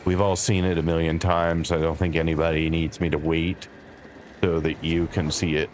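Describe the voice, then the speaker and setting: A man's voice: very deep voice, level tone, normal speed, a little mellow, slight background noise. A man streaming a game, chatting with his viewers in a dry, wry, casual way. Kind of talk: casual live-stream commentary.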